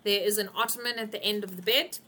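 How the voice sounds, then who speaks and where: Bright-voiced woman game master. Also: mid-range voice, fairly even intonation, fast talker. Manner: descriptive, with frequent ums. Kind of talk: narrating a tabletop game.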